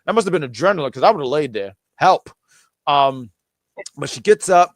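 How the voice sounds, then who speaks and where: A man's voice: fairly high pitch, expressive, fairly quick, no echo, studio quality. A man hosting a podcast in casual chat, talking with enthusiasm and many stumbling restarts. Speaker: podcast host.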